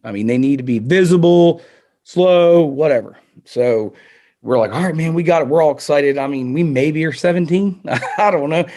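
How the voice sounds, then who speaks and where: A man, a target setter, telling a story in a relaxed, animated way and acting out quotes. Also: fairly high pitch, moderate pace. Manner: animated, acts out quotes with laughs. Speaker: target setter, podcast guest. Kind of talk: casual storytelling.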